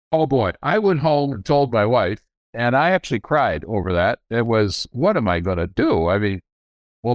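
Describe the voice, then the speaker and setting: A man's voice: medium pitch, no echo, clean studio sound. Older man telling candid stories. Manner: rambling, self-correcting, frank. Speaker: guest, business owner. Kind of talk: candid storytelling.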